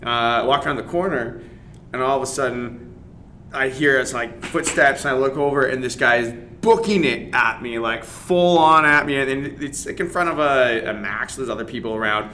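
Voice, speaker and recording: Speaking at a moderate pace in a mid-range voice, this man is an MMA fighter on a podcast interview. He's animated while casually recounting a story, cursing, voicing the other people's dialogue, and laughing along. A slight hiss or hum runs under the recording.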